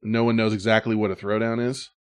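A man's voice: on the low side, brisk, clean tone. A man hosting a podcast, chatting casually, reading out listener messages and laughing often. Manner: laughing, rambling, lively delivery. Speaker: podcast host.

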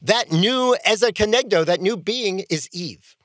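A man who is a rabbi hosting a podcast, retelling a story in an enthusiastic, animated way. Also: high-pitched, a little slow, no echo, studio quality.

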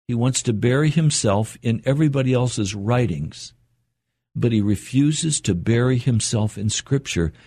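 An older man preaching an earnest radio sermon, his voice climbing higher as he presses a point. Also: dark tone, dry recording. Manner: earnest, rising in pitch for emphasis and quotes.

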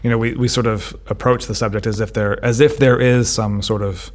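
A man's voice: lowish voice, fairly even intonation, fairly quick. A man co-hosting a podcast, talking through ideas in a thoughtful casual way and often repeating words as he thinks. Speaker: podcast co-host. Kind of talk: casual discussion.

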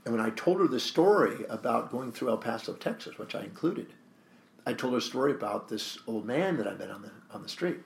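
A man's voice: mid-range voice, expressive, fairly quick, gravelly, reverberant. A man, a guest speaker and author, telling a story in an interview and acting out the dialogue with animation.

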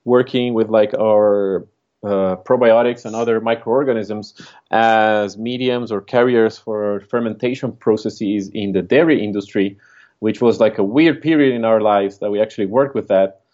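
A man's voice: fairly low pitch, steady tone, normal speed, darkish tone, dull audio. A man with a Spanish accent, a startup co-founder, chatting easily as a guest in a casual podcast interview.

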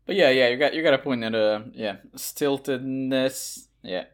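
A man's voice: medium pitch, moderate pace. A man from Portugal with a Portuguese accent, a podcast guest talking casually with many fillers and restarts. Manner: rambling, frequent fillers and restarts.

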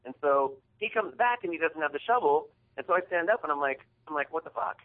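A man's voice: on the high side, expressive, fast talker. A man hosting a podcast, retelling an embarrassing story in a casual, profane, heated way. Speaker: podcast host. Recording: tinny phone-like sound.

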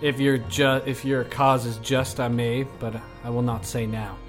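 A man voicing a stern male turtle council elder who speaks with a grave, measured refusal. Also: medium pitch, little pitch movement, faint music behind, close to an everyday voice. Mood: guarded.

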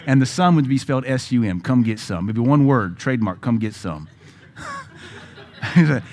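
A man's voice: medium pitch, animated, moderate pace, pauses often, slight background noise. A man with a Southern US accent, a pastor preaching a sermon in a conversational style with joking asides.

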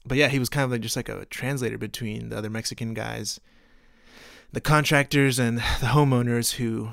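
A man's voice: fairly low pitch, vocal fry, no echo, clean studio sound. A man from Texas hosting a podcast, rambling in a profane, self-mocking way. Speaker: podcast host. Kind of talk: casual podcast monologue.

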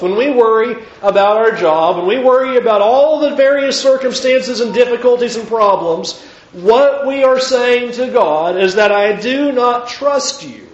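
A man with a high voice preaches a sermon, talking in a conversational, emphatic way and often restarting his sentences. The recording is dull and lo-fi. It rings with the echo of a church hall. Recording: echoey room, dull lo-fi sound.

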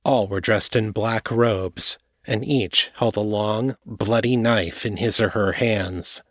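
A man narrating an audiobook chapter in a measured, steady way. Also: lowish voice, dry recording, studio quality. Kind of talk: scripted narration.

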